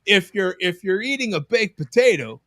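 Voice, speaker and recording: Lively bright-voiced man hosting. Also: high voice, normal speed, no room sound, studio quality. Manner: animated, laughs often, swears casually. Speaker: host. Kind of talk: casual live-stream chat. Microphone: video call.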